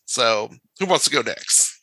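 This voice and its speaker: A man's voice: medium pitch, animated, a little slow, bright, forceful tone, breathy edge, dry recording, rough recording. A man co-hosting a podcast in a casual chat, who laughs easily and repeats words as he restarts his sentences. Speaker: podcast co-host.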